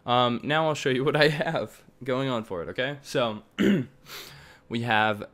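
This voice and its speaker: A man's voice: medium pitch, takes it slowly, a bit bright. Rambling young man explaining recording gear. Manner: rambling, filler-heavy, offhand. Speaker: tech tutorial maker. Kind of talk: casual screen-recording tutorial. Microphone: desktop USB microphone.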